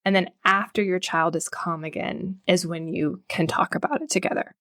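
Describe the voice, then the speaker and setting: Calm reassuring woman psychologist. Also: fairly low pitch, moderate pace, dry recording, clean studio sound. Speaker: child psychologist guest. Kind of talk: podcast interview.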